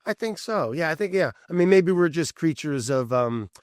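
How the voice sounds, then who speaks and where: A man's voice: fairly high pitch, animated, normal speed, no echo, clean studio sound. Laid-back, rambling male podcast host. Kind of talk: casual interview chat. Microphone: podcast mic.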